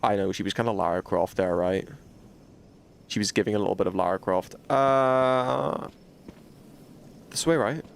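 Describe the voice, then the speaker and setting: A British man giving casual gameplay commentary on a livestream, chatty and swearing freely with sudden excited outbursts. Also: deep voice, fast, creaky, slight background noise.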